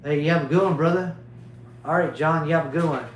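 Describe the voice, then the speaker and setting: Male streamer, preachy rambling monologue, slightly high voice, roomy echo. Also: fairly even intonation, quick pace, a little hiss or hum. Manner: preachy, emphatic, repetitive. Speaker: livestream host.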